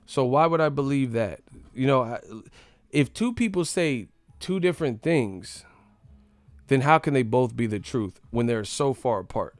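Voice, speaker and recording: A man's voice: mid-range voice, expressive, measured pace, no echo, soft background music. Heated man ranting on a live stream. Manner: heated, mocking, slangy, repeats points. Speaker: boxing commentary channel host.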